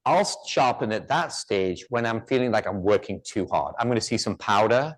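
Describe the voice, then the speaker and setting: A man's voice: lowish voice, animated, moderate pace. A man giving a live woodturning demonstration, chatty and joking, with rambling asides.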